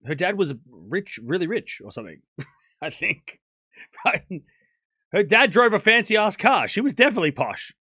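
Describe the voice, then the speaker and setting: Guy streamer calling tennis live, kinda high voice that jumps all over, joking w chat, dry sound. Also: very animated, moderate pace, bright, forceful tone, slightly rough, no echo. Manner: chatty, joking, laughs often, argues playfully with chat. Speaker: streamer hosting a tennis watchalong. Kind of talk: casual live play-by-play and chat banter.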